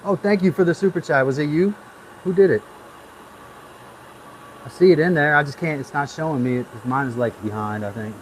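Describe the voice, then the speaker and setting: A man's voice: a little high, fairly quick, pauses often, a little hiss or hum, low-quality recording. A man hosting a casual live stream, rambling easily as he gives hands-on tips and chats with viewers. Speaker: livestream host.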